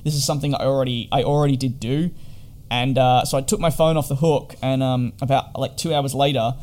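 A man's voice: medium pitch, fairly even intonation, brisk, a little mellow. A man chatting casually in a vlog about hotel quarantine, rambling and wry with lots of fillers. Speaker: vlogger.

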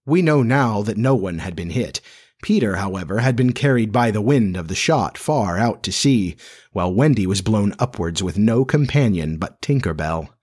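A man narrating a storybook in a measured, steady way. His voice sits low and has a husky, breathy edge. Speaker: audiobook narrator. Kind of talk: scripted narration.

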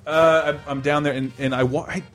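A man in his thirties casually telling a long personal story on a podcast, animated and laughing, acting out quotes in a high voice. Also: fast talker, faint music behind. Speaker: podcast co-host.

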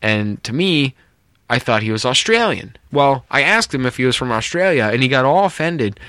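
Smooth and mid-range, this man's voice moves at normal speed in a dry, studio-quality recording. He's a podcast co-host from North America, rambling through casual chat and brightening up whenever he launches into a story.

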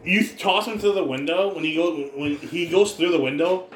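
Stammering game master in a roomy room. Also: male voice, sits high, moderate pace. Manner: stammering restarts while describing scenes. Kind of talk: narrating a tabletop game. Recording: roomy echo, light background noise.

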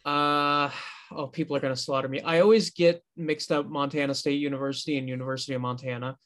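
A man's voice: fairly high pitch, level tone, fast, fairly bright tone. A man co-hosting a casual podcast chat, telling a story in a rambling, self-correcting way. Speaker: podcast co-host.

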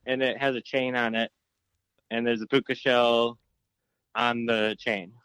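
A man's voice: mid-range voice, little pitch movement, a little slow, a bit bright, clear, resonant tone, no room sound. A young man in casual podcast chat, rambling and filling his talk with "like". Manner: rambling, filler-heavy with lots of "like". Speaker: podcast co-host.

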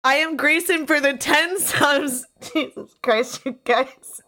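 A woman's voice: sits high, takes it slowly, bright, forceful tone. A woman hosting a live-streamed podcast, tearful and overwhelmed, gushing and laughing between her words. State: tearful, crying. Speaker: podcast host.

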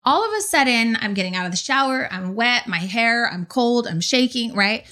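A woman in her forties telling a story in a casual, animated way, swearing often. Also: a little high, moderate pace. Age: 40s. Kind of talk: casual anecdote on a talk show.

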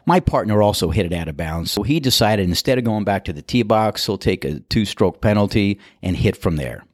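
A man casually telling a golf anecdote, animated and laughing as he acts out the other players' lines. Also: lowish voice, fairly quick, no room sound, clean studio sound.

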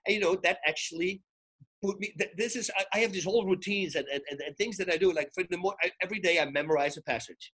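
A husky, breathy man with a high-set voice tells stories as a podcast guest. He is excitable and animated, restarts his sentences often, and acts out each quoted exchange. He sounds like a retired fighter looking back on his career. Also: fast. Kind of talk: animated storytelling in casual chat.

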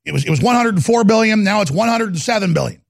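A man's voice: high-pitched, animated, quick pace, vocal fry, no echo, studio quality. A man hosting a talk radio show, ranting angrily about politics in a heated monologue. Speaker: radio host.

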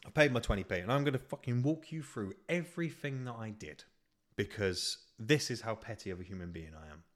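A man's voice: on the low side, animated, fairly quick. A young man hosting a podcast, telling a comically petty story in a profane, ranting way. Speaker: podcast host. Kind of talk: casual storytelling monologue.

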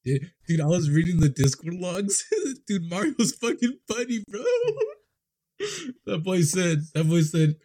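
A man's voice: high-pitched, very animated, slow pace, dark tone. A man co-hosting a podcast in casual chat, laid-back, swearing and laughing often. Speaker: podcast co-host.

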